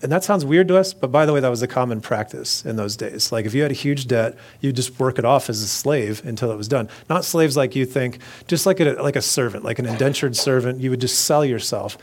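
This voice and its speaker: A male pastor delivers a sermon in a mid-pitched voice, keeping it loose and conversational. He tells the story in a lively, casual way, even doing the characters' voices, and he moves briskly with barely any pauses.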